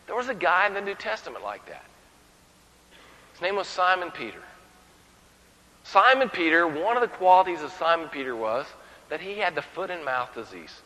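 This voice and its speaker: Animated, joking man preaching a sermon. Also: on the high side, long reverb tail, poor audio. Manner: animated, humorous storytelling with acted voices.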